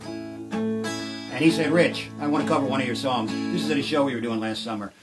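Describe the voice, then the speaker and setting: A middle-aged man doing rambling, deadpan stand-up storytelling on a live stream from his shed, with sudden shouted outbursts. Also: mid-range voice, a little fast, loud music behind the voice. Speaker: comedian and musician. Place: home shed.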